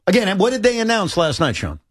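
Animated sports talk host, dry studio sound. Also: male voice, sits high, fast, no echo. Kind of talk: sports talk radio chat.

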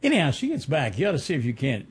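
A man's voice: fairly high pitch, huge pitch swings, racing. A man co-hosting a local radio show, chatting about community news with enthusiastic asides. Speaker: radio co-host.

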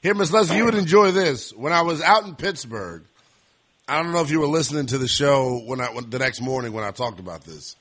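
A young man hosting a sports call-in radio show, chatting casually and teasing callers with quick jokes. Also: medium pitch, lively intonation, a bit bright, slightly rough. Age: young adult. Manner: joking, teasing, quick asides.

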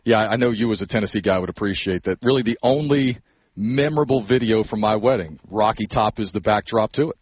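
A man co-hosting a podcast, telling anecdotes in a relaxed, conversational way. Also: fairly low pitch, fairly quick, husky, dull audio. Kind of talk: casual chat.

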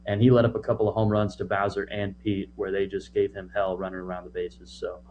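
A man's voice: low voice, little pitch movement, fairly quick, darkish tone, slight background noise, rough recording. A man chatting on a casual podcast in a teasing, playful way.

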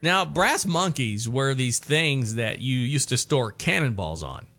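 A man's voice: medium pitch, animated, measured pace, sharp tone. A man with an Appalachian accent co-hosting a casual podcast chat in a joking, playful way. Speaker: podcast co-host.

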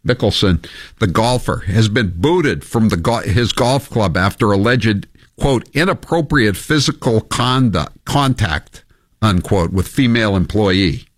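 A man's voice: lowish voice, lively intonation, measured pace, no room sound. A male talk radio host, delivering news with wry, offhand asides. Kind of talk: casual talk radio banter.

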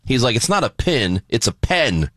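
A man co-hosting talk radio, telling stories with lots of swing in his voice. His tone is bright and fairly low. The studio sound is dry and close. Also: moderate pace, no echo. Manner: lively storyteller, laughs easily. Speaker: radio co-host. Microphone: studio microphone.

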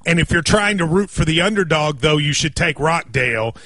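A man in his forties hosting a sports radio show in casual banter, chatty and quick to laugh at himself. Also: on the high side, expressive, bright, forceful tone, no echo.

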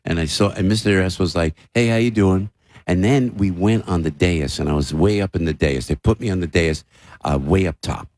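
A man's voice: deep voice, brisk, dry recording. A man, a comedian and radio host chatting as a guest, telling stories animatedly and slipping into impressions. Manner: animated storyteller, slips into impressions. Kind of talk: casual interview chat.

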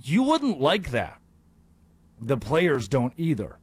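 A man hosting a sports radio show, talking in an animated, jokey monologue. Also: medium pitch, slow, breathy edge. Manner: animated, jokey, breaks into put-on voices.

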